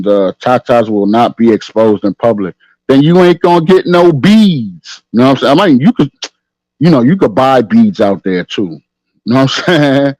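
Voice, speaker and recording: This middle-aged podcaster streams casually from home without his camera, laughing often as he reads the chat and tacks "you know what I mean" onto almost every line. His voice sits on the low side and is a little mellow. The audio is poor, with no echo.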